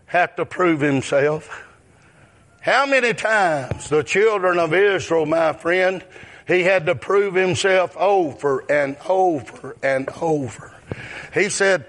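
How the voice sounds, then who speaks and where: Slow, bright-voiced preacher man shouting. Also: lively intonation. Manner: drawn-out delivery that rises into shouted high exclamations; repeats call-outs like "yes, sir" and "huh?". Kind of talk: sermon.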